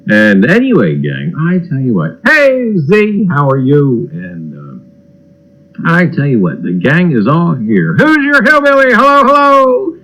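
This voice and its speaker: A man's voice: medium pitch, wildly swooping pitch, slow pace, low-quality recording. A man hosting a livestream in a folksy, jokey way, greeting viewers by name and repeating his catchphrases. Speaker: livestream host. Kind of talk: casual livestream chat.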